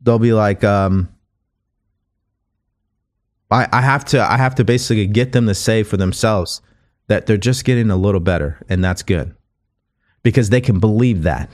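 A man with a fairly low voice speaks as a motivational coach on his own show. He talks in an earnest, conversational way, often circling back and restarting phrases to press his point. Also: moderate pace, pauses often, a little mellow. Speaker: podcast host and coach. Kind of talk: motivational monologue.

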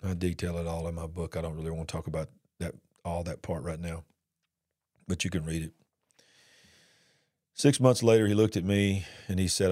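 A middle-aged man giving an earnest personal testimony about his past, retelling it slowly and with feeling. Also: low-pitched, fairly even intonation, a little mellow, dry recording, studio quality. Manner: earnest, drawn-out emotional retelling. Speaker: speaker sharing his life story.

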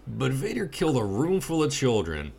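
A man's voice: mid-range voice, wildly swooping pitch, moderate pace, creaky, a little mellow, slight background noise. A young man rambling casually and swearing now and then while reviewing a movie with a friend.

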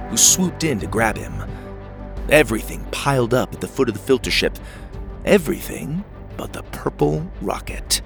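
A man narrating a children's space adventure story in a steady, descriptive read-aloud manner. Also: mid-range voice.

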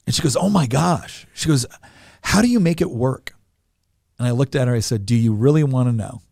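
A man's voice: mid-range voice, expressive, brisk, darkish tone, no echo, clean studio sound. A man in his forties, a podcast guest, telling a personal story in an earnest way, often repeating words as he goes.

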